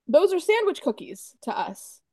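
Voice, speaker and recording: A woman's voice: extremely high pitch, big pitch swings, normal speed, warm tone. A woman with an American accent, from Boston, chatting casually as a podcast co-host and rambling with lots of fillers. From Boston, USA. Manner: rambling, full of "like" and restarts. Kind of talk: casual chat.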